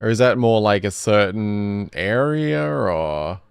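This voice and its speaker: A man's voice: on the low side, slow pace, vocal fry, smooth, no room sound, clean studio sound. A man streaming casually, rambling and correcting himself as he reacts to videos. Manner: rambling, self-correcting, lively.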